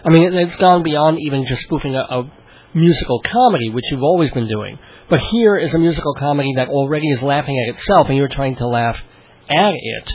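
A man's voice: mid-range voice, breathy edge, lo-fi sound. A man hosting a radio interview, listening attentively and asking long, winding questions. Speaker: radio host.

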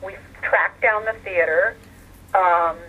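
A woman's voice: fairly low pitch, takes it slowly. Older woman on a tinny phone line. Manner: chatty storyteller, warm laughs, many fillers. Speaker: guest. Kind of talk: phone interview.

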